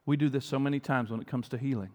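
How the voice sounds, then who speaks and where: A male pastor preaching a sermon, telling a story in an animated way and asking rhetorical questions. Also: mid-range voice, very fast, long reverb tail.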